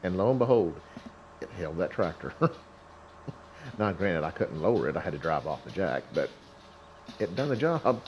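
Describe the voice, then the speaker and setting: Deep-voiced man telling a folksy story. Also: very animated, normal speed, long pauses, a little mellow, slight background noise. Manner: chuckles often, self-deprecating and rambling. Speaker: gaming channel host. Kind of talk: casual storytelling over gameplay.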